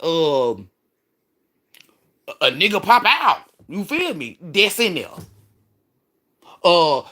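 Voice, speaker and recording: Bright, preachy man on a livestream. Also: high voice. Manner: profane, preachy, rambling. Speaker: livestream host. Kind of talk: spiritual livestream talk.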